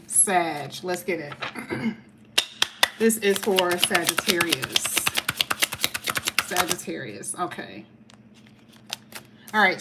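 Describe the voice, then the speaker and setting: A woman's voice: medium pitch, a bit bright, a little hiss or hum. A woman talking casually through a tarot card reading. She is chatty and emphatic and stretches out key words. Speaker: tarot reader.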